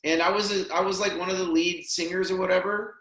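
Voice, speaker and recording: A man's voice: high-pitched, fairly even intonation, fast talker, fairly bright tone. A man telling a heartfelt story as a podcast guest, earnest and emotional, often saying "man" and "dude". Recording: roomy echo.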